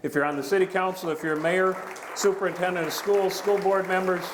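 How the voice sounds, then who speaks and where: A man's voice: high voice, steady tone, a little fast, crowd noise. A middle-aged man giving a county address to a live audience in a large hall, in a folksy, joking, conversational way. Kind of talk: public speech with jokes. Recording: echoey hall with faint room noise.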